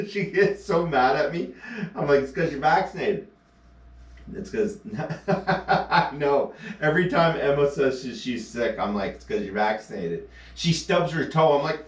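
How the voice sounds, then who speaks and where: A man's voice: medium pitch, expressive, normal speed. A man live-streaming casual chat, telling teasing stories with lots of laughter and swearing, on an action camera mic. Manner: laughing often, profane, teasing storyteller. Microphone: action camera mic held away. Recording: echoey, distant action camera audio.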